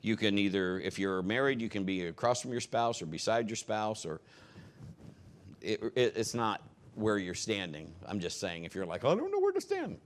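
A man pastoring a congregation in a relaxed, conversational way, explaining what everyone will do next. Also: on the low side. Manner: relaxed, conversational, giving instructions. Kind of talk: sermon, leading the congregation.

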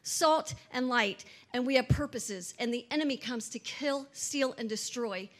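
A woman's voice: high-pitched, a little slow. A woman preaching fervently to a church gathering, emphatic and full of rhetorical questions. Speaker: church speaker. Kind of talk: impassioned preaching.

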